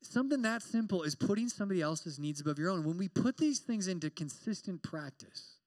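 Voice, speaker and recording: Young male campus preacher, high-pitched, dry close mic, animated and joking. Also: a little fast, no echo. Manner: animated, joking, acts out quoted exchanges. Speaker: campus pastor. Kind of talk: sermon.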